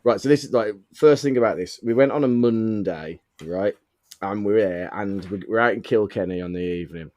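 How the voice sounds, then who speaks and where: A young English man hosts a podcast, chatting casually and spinning rambling stories while swearing freely. His voice is fairly low and a little mellow, at a moderate pace, with no room sound.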